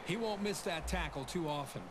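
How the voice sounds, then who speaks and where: A man as a high-voiced football color analyst. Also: brisk, background noise, natural voice. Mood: analytical. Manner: analytical, explanatory. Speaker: color commentator. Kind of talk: sports broadcast commentary.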